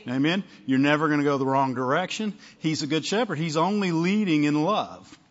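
A man's voice: on the high side, fairly quick, lo-fi sound. A male pastor preaching a conversational sermon, often asking the congregation "amen?" and "right?".

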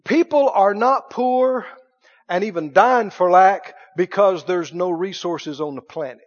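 An unhurried preacher with a strikingly high voice gives a folksy sermon, moving from quiet, low-key lines to loud, excited exclamations. The recording is dull and lo-fi.

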